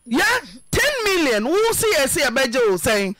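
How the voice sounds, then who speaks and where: A Ghanaian woman hosting a radio advice show, questioning a caller in an emphatic, scolding way that sometimes turns to shouting. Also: high voice, very animated, normal speed, few pauses, no echo. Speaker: radio counsellor host.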